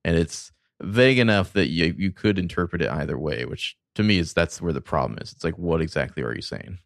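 A laid-back man co-hosts a podcast, taking his time with frequent uhs and a dry sense of humor. His voice is very low with a gravelly fry, and the sound is close and dry. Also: expressive, a little fast, no room sound. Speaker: podcast co-host. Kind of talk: casual chat.

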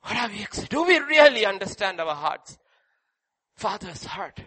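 A man preaching a sermon, repeating rhetorical questions and swinging between loud cries and hushed passages. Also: high-pitched, very animated, normal speed, slightly rough.

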